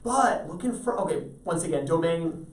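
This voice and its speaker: Speaking at a moderate pace with lively intonation and a fairly high pitch, a man lectures a math class. He talks through the problems and regularly asks students if they're keeping up. His voice is distant in a room full of echo.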